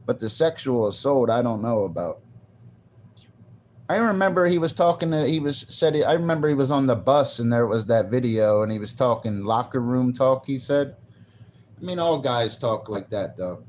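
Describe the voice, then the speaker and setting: A man's voice: mid-range voice, animated, normal speed, darkish tone, slight background noise. A man talking casually on a live stream, rambling loosely and answering viewers' comments. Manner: rambling, loose, restarts and reads chat aloud. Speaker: livestreamer.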